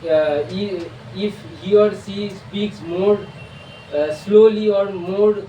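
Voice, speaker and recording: Indian-accented man, student presenter, high mellow voice, faint hiss in background. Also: slow pace. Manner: hesitant, frequent filler sounds and restarts. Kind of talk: prepared oral presentation. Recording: echoey room, far from mic, faint hiss.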